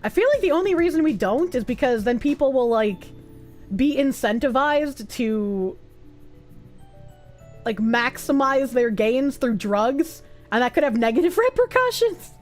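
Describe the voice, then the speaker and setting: A woman's voice: high voice, expressive, a little slow, soft background music. A woman streamer chatting casually and reading viewer comments, rambling and joking, often laughing and swearing.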